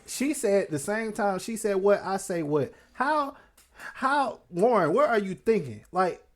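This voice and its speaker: A co-host reacting to a clip with excited, slangy exclamations. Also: medium pitch, measured pace. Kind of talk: casual reaction commentary.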